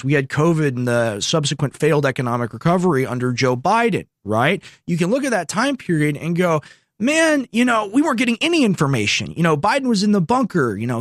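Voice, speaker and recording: A man's voice: a little high, dry recording, studio quality. A man hosting a political commentary show, talking casually and sarcastically, with asides while reading posts aloud.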